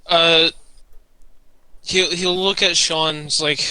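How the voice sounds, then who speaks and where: A man playing a tabletop game who thinks aloud and restarts his sentences. His voice is sharp and bright, crisp and a little high. The recording is dry and close. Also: steady tone, unhurried, no room sound, poor audio. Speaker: player. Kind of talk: casual tabletop game talk.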